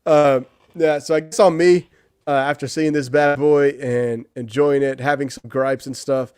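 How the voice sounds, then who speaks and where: A man's voice: medium pitch, steady tone, normal speed, a little mellow, clean tone, no echo, studio quality. A man co-hosting a casual movie review podcast, rambling with restarts and fillers. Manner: rambling, many restarts and "you know". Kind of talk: casual chat.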